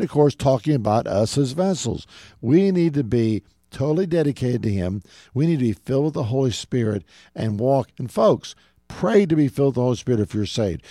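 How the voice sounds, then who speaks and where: A man's voice: medium pitch, warm tone, dry recording, clean studio sound. A middle-aged man preaching a radio sermon, earnestly and directly calling his listeners "folks". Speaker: radio show host and preacher.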